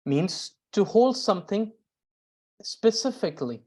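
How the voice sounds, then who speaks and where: A woman with a fairly low voice lectures on grammar in an unhurried, careful way. She circles back to restate each point and pauses with small fillers as she thinks. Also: animated, darkish tone. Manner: careful, repeats and rephrases points, frequent "uh". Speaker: Tibetan grammar teacher.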